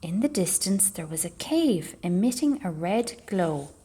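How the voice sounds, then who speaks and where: A woman reads a children's storybook aloud for a library story time. Her delivery is expressive and measured, in a mid-range voice. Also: medium pitch, breathy edge.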